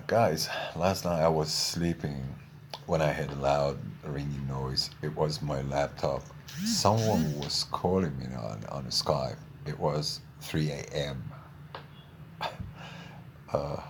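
Man with a very deep voice, slow halting storytelling, faint ambient noise behind. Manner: halting, with restarts and fillers. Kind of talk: casual spoken story.

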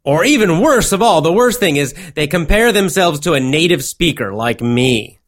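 A man giving a motivational English lesson, speaking slowly in simple words and repeating himself often. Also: a little high, animated. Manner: slow, simple wording with many repetitions. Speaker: English teacher.

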